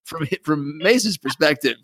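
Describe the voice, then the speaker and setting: A man with a slightly high, bright voice, rambling through a casual recap with lots of filler words and restarts. He swears freely and laughs at his own jokes, recorded close and dry. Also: expressive, unhurried, no echo. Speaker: podcast co-host.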